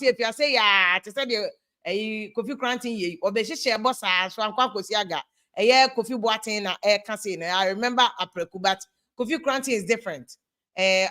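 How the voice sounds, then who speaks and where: A woman with a Ghanaian accent hosting a live stream, reading out viewer comments in an animated, exasperated way and switching freely between English and Twi. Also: medium pitch.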